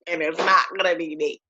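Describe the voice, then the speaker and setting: A woman's voice: deep voice, bright, forceful tone, muffled recording. A woman co-hosting a podcast in casual chat, frank and laughing, nibbling food as she talks. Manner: frank, laughing, eating while talking.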